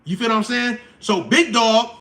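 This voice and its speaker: A man, hosting a casual live stream explainer, slangy and animated, acting out quotes. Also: extremely high pitch, normal speed.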